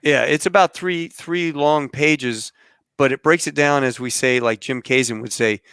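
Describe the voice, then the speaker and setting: A male podcast host signing off his guests and telling a rambling, animated travel story. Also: mid-range voice, normal speed, smooth, no room sound, clean studio sound. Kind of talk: casual interview sign-off and storytelling.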